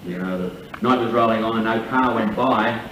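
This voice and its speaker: Emceeing a lunch in a large function room, a man tells jokes and spins a long, profanity-laced tall tale. His voice is lowish, brisk and a bit bright, picked up from a distance in an echoey, dull live room with slight background noise.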